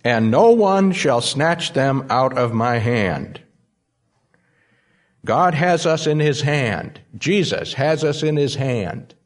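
A man's voice: mid-range voice, big pitch swings, slow. A man preaching a sermon, stressing key words by repeating them. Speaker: pastor.

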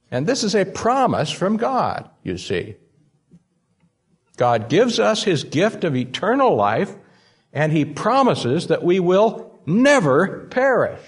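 A man's voice: high voice, sing-song, slow, slightly rough. A man preaching a sermon, stressing key words by repeating them. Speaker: pastor.

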